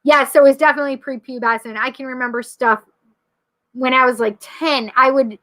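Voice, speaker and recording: A woman in her thirties from the Rochester area, hosting a casual livestream as a psychic medium, chatty and quick to laugh, acting out the people she quotes. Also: sits high, fairly even intonation, fairly bright tone. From Rochester area, New York. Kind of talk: casual livestream chat, reading viewer comments.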